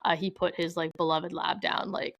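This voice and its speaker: A woman's voice: lowish voice, level tone, moderate pace, a bit bright, dry recording, poor audio. A young adult woman from Canada, a podcast guest telling stories in casual, rambling chat, full of "like" and quoted asides. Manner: chatty storyteller, heavy use of "like".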